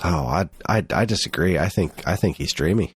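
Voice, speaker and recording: A man's voice: low voice, expressive, a little fast, slightly rough. A man co-hosting a podcast in casual chat, often restarting his sentences. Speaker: podcast co-host.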